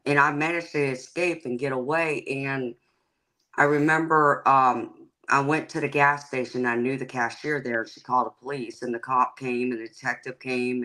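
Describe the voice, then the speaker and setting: A woman's voice: very deep voice, sharp tone, low-quality recording. A psychic and tarot reader, a woman, talking frankly and plainly about her life as a guest on a live-stream chat, laughing easily. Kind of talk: candid personal storytelling in a live-stream chat.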